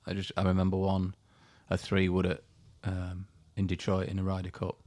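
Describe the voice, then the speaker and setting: Guy, deep voice, telling golf stories with lots of energy, does little voices. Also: moderate pace. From England. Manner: animated anecdotes, acts out voices. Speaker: golfer guest. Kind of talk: storytelling interview.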